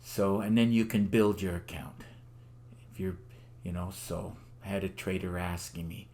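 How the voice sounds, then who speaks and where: A man's voice: low-pitched, level tone, moderate pace, dark tone. A middle-aged man walking through his trades on screen, rambling with fillers and getting enthusiastic over his wins. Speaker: forex trader selling a trading system. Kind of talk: screen-recorded trading walkthrough.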